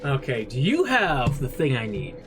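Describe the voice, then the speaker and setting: A man streaming a game talks to himself in a lively voice that jumps up and down in pitch. He mutters, swears freely and lets out sudden outbursts. Game music plays clearly behind him. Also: normal speed. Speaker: streamer playing a horror game. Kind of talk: casual gameplay commentary.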